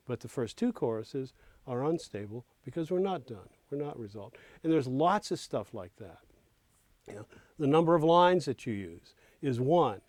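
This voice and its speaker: A middle-aged man teaching lyric writing in a recorded clinic, lively, breaking into sung lines and nursery rhymes to make his points. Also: mid-range voice, moderate pace, dry recording. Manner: animated teacher, recites rhymes and quotes in small acted voices. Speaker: songwriting professor.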